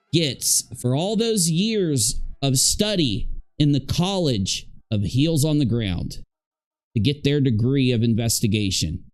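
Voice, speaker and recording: A man hosting a live stream commentary, chatty with viewers and openly sarcastic and mocking. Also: a little high. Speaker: streamer host.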